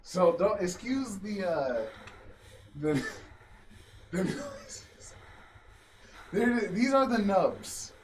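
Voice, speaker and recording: A man's voice: high-pitched, very animated, very slow, long pauses, a little hiss or hum. A man hosting a casual livestream talk show, rambling, restarting sentences and giggling often. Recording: distant mic with music behind. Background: music.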